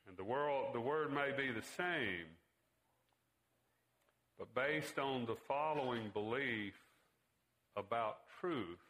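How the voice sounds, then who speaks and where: A man's voice: medium pitch, lively intonation, slow, pauses often, a bit bright, rough recording. A male preacher reading a story aloud and then addressing his listeners directly and emphatically.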